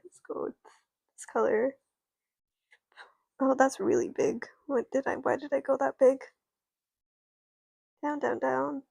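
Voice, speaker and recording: Woman streamer, rambling doll-play narrator; slow, gravelly, self-interrupting. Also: medium pitch, no echo. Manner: meandering, self-interrupting, laughing. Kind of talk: rambling improvised doll play story on a livestream.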